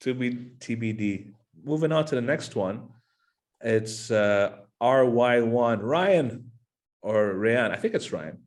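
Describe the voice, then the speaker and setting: A man's voice: medium pitch, animated, slow, a little mellow. A man hosting a casual fantasy football podcast, asking his cohosts questions in a playful, joking way. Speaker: podcast host.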